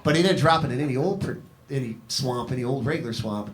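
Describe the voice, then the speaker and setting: Speaking quickly in a mid-range voice, this man rambles through a profane, animated story on a live advice panel, his voice rising and falling as he repeatedly addresses the person who asked. It's a live comedy show, and the crowd can be heard laughing.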